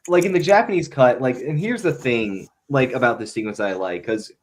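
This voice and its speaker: A man's voice: mid-range voice, fairly quick, a little hiss or hum. Earnest man retelling film scenes. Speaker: podcast co-host. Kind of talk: casual chat.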